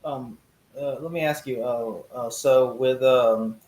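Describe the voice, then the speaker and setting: A man who is a guest in a casual podcast discussion, telling stories with lively energy and acting out quotes in mock voices. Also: mid-range voice, takes it slowly, echoey room, poor audio.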